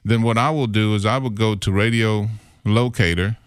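Middle-aged male radio voice artist, low register, dry close mic, animated storyteller. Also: moderate pace, smooth, no room sound. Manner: animated storyteller who acts out quoted voices. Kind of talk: casual interview storytelling.

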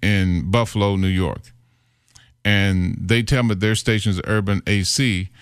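Low-voiced man telling radio stories. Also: measured pace, clear, resonant tone, no room sound, clean studio sound. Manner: animated storyteller who acts out quoted voices. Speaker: radio imaging voiceover artist. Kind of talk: casual interview storytelling.

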